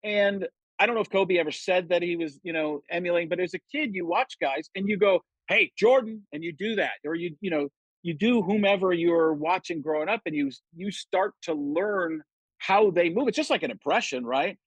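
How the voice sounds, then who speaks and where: A middle-aged man, a comedian guest on a podcast, chatting casually and telling stories with lively quoted voices. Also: sits high, a little fast, no room sound, lo-fi sound. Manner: animated storytelling, jumps into quoted voices. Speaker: guest impressionist.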